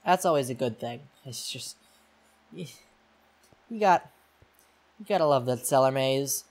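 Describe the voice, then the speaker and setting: A man's voice: mid-range voice, expressive, unhurried, darkish tone. Young man muttering gameplay commentary. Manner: rambling, self-mocking, muttering. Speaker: gaming YouTuber.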